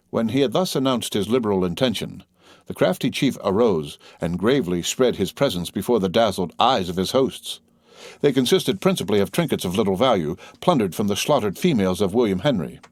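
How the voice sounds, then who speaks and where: A male audiobook narrator with a low voice, reading classic prose in an even, formal way. The recording is dry and close, with no room sound at all. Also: brisk, dry recording. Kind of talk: scripted narration.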